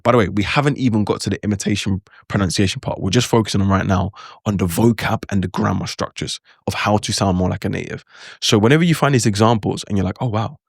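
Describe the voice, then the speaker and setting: A man's voice: fairly low pitch, quick pace, vocal fry, slightly rough, no echo, clean studio sound. A man giving a casual spoken lesson on language learning, loose and chatty, full of asides and acted-out reactions. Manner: acts out his own reactions in quotes.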